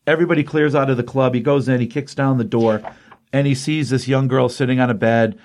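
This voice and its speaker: Comic podcast co-host, a man, casual and animated. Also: mid-range voice, a little fast. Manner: animated retelling with acted quotes. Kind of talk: casual comic review chat.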